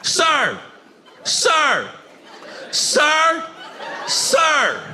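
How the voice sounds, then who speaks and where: A pestering woman passenger in a high, bright, whiny voice, put on by a male comedian. She pleads insistently and repeats herself without giving up. Faint noise sits behind her. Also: huge pitch swings, very slow, a faint crowd, exaggerated voice. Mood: pleading. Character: pleading woman passenger begging to swap seats.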